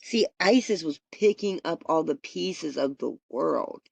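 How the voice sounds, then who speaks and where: A woman's voice: low voice, lively intonation, measured pace, gravelly, background noise. A woman hosting a podcast, giving a rambling, profane, motivational spiritual pep talk. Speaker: podcast host. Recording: dull lo-fi recording.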